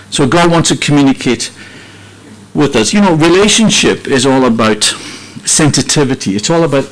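A man's voice: mid-range voice, expressive, normal speed, poor audio. Earnest male preacher, heartfelt. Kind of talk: sermon.

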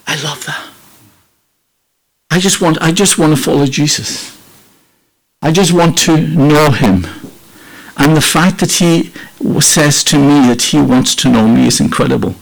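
A man's voice: fairly high pitch, measured pace, creaky, long pauses, low-quality recording. A middle-aged man preaching an earnest, heartfelt sermon, often repeating and restarting phrases.

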